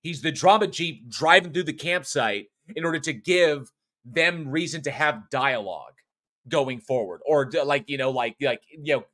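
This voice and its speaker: This horror podcast co-host talks through a movie review at a moderate pace in a slightly high, sharp voice with lively intonation. His delivery is loose and profane, packed with fillers and restarted sentences.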